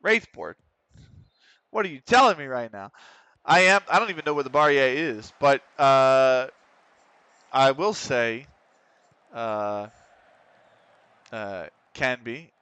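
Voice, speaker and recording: An almost middle-aged American man talks casually on a game stream, cursing freely as his team struggles. His voice is bright and crisp, with a smooth, clean tone. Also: mid-range voice, lively intonation, takes it slowly, pauses often, no echo. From United States. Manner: swears often, frustrated at the match, reads chat. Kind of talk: casual gaming stream chat.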